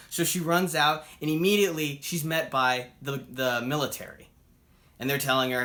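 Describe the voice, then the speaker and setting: Male reviewer, casual and upbeat, a bit high-pitched, bright tone, acts out quotes. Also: unhurried. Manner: chatty, upbeat, acts out characters' lines while retelling. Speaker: comic book reviewer.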